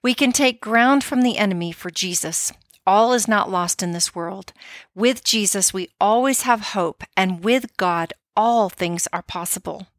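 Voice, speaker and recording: A woman's voice: mid-range voice, unhurried, dry recording, clean studio sound. A middle-aged woman leading a devotional prayer for mothers, then chatting informally with encouraging, conversational fillers. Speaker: prayer ministry leader for mothers.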